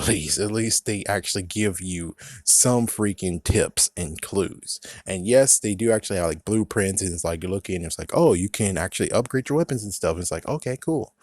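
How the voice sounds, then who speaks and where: Profane ranting young man, low voice. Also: moderate pace, hardly any pauses, no room sound. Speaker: gaming vlogger. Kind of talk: ranting game review.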